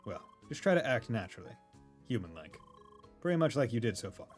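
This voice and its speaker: Streamer reading a dry skeptic, plain mid-pitched voice. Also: male voice, sing-song, fairly quick, soft background music, natural voice.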